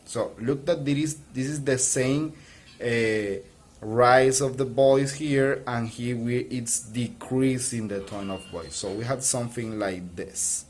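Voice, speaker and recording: Slow, patient male English teacher. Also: medium pitch. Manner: slow, patient explaining with many restarts. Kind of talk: recorded video lesson.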